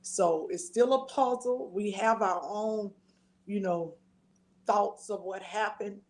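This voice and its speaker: A woman's voice: mid-range voice, takes it slowly. Emotional middle-aged woman sharing testimony. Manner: expressive storytelling, acts out quoted voices, churchy endearments. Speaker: guest.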